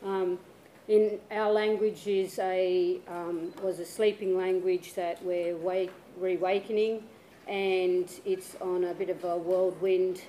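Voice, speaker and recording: A woman from the South Coast of New South Wales giving a conference talk, unhurried, with many fillers. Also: lowish voice, flat delivery, dark tone, slight background noise. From South Coast of New South Wales, Australia. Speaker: conference presenter. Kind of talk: presentation talk. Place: lecture hall. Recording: echoey hall ambience.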